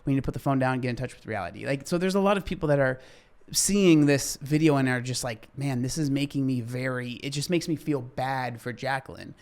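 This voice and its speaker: A man reacting to a video clip with casual fitness commentary, earnest and quick to get worked up, then apologizing. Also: medium pitch.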